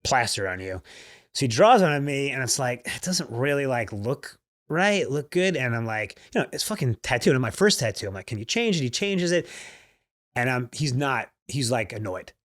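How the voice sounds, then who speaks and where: Speaking at a moderate pace in a mid-range voice, this male podcast co-host recounts a story in relaxed conversation, lively and frequently breaking into laughter.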